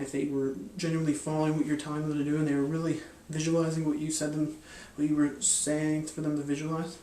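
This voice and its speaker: In an echoey room, well away from the mic, a man with a slightly high, warm voice walks through a mind-reading card trick. He's a magic and hypnosis instructor, and his casual explanation wanders, full of fillers and false starts.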